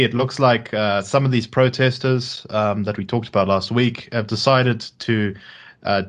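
Low-voiced man in casual chat. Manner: halting, many ums and restarts, dry sarcasm. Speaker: podcast co-host.

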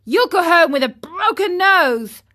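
Woman putting on bratty schoolboys, jeering, a bit high and lively, storybook. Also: slow pace, slight background noise. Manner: jeering, boastful. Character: gang of rowdy teasing schoolboys. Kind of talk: storybook reading.

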